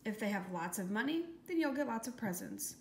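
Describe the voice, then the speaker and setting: A woman's voice: a little high, lively intonation, brisk, natural voice. Woman doing a bratty schoolgirl, sneering, know-it-all, storybook, echoey room, faint hiss. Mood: snide. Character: bratty spoiled schoolgirl who mocks the others.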